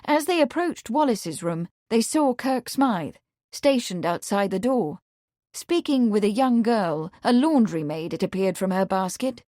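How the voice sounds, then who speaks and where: A woman's voice: medium pitch, dry recording, studio quality. Woman narrating a mystery audiobook. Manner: even, measured reading. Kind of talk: scripted narration.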